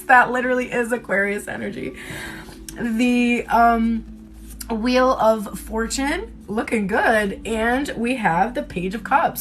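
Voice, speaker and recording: A woman's voice: on the high side, a little slow. A woman giving a casual livestream tarot reading, chatty and candid, who laughs often and swears casually. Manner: loose, rambling delivery with many fillers. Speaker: tarot reader.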